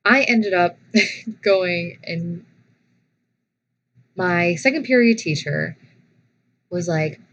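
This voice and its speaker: A young woman talks slowly and a little low as she spins a casual personal story for her vlog. Her retelling is animated and dramatic, with frequent restarts. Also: muffled recording, a little hiss or hum. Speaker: vlogger.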